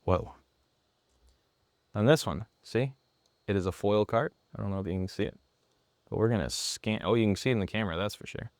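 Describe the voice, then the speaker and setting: A man presenting an app in a product demo, talking excitedly and a bit sarcastically in an indoor room. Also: fairly low pitch, brisk, long pauses, dry recording, studio quality.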